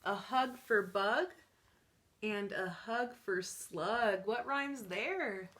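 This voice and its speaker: A woman working as a children's librarian, reading picture books aloud to young children in an animated sing-song way, counting along and gasping with delight. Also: mid-range voice, extremely slow, slight background noise.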